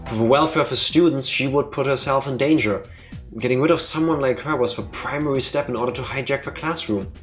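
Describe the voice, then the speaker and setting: Guy reading a visual novel aloud on a let's play, joking around, soft music under it. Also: mid-range voice. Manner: playful, joking asides.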